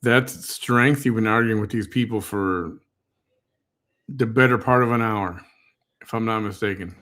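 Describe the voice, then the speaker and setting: A man's voice: on the low side, steady tone, moderate pace, fairly bright tone. A man hosting, commenting on a replayed clip in a wry, critical, laid-back way. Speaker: commentary host. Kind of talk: casual commentary.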